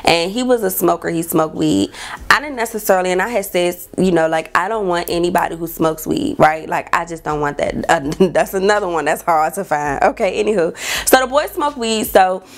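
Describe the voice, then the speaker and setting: A young woman, telling a dating story vlog and acting out quotes in a high voice. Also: a little fast. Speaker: vlogger.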